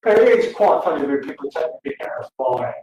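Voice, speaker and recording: A man's voice: a little high, big pitch swings, fast, mellow, highs cut off. Tired, swearing older man. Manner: crude, swearing, laughing often. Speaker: livestream host. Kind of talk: rambling casual chat to viewers. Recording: echoey room, distant mic, faint noise.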